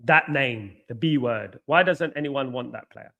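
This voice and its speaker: A man hosting a live football watchalong, chatting to viewers by name and reacting excitably to each moment of play. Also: medium pitch, unhurried, gravelly, dull audio. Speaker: watchalong host.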